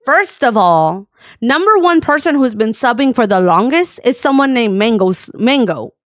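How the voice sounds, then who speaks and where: A woman's voice: fairly high pitch, big pitch swings, no room sound, studio quality. Heated woman streamer venting. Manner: heated, profane, rapid venting with sarcastic outbursts. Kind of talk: storytime rant to stream chat.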